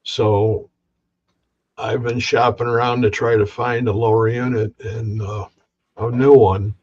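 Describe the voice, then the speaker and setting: A man casually interviewing a guest over a remote connection, halting and full of restarts. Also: medium pitch, level tone, a little mellow, highs cut off, slight background noise.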